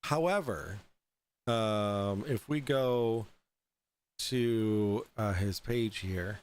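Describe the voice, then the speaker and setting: A man hosting a casual livestream, drunk and high, rambling and halting over fillers as he talks. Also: darkish tone, smooth. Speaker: host.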